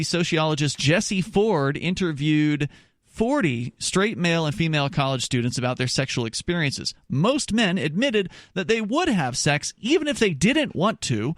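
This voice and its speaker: A man's voice: on the high side, fairly bright tone, no room sound, clean studio sound. A male radio talk show host reading news stories aloud and chatting with his co-host, with casual asides and restarts. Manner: conversational with frequent restarts and asides.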